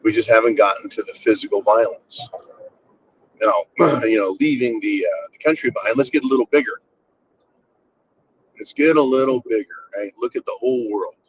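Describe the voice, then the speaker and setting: A man's voice: on the low side, normal speed, long pauses, slightly rough. A man from the United States hosting a blunt, profane and sarcastic commentary rant. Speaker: channel host. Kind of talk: ranting commentary monologue. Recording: slightly dull lo-fi sound.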